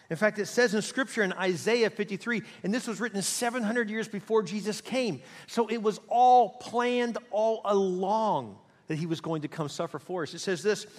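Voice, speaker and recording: A middle-aged man preaching a sermon as pastor, passionate, with big swings between loud, fast bursts and quiet, slow passages. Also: high voice. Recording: hall reverb.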